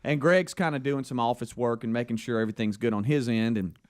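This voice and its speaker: A man's voice: mid-range voice, quick pace. A man with a Southern US accent, a radio co-host telling a rambling story in casual talk on air, acting out the phone calls in it. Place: radio studio.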